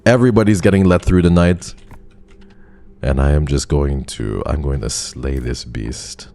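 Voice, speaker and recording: A man's voice: extremely low pitch, unhurried, gravelly, dark tone. A male streamer giving live commentary on a game, talking to his chat and swearing in frustration.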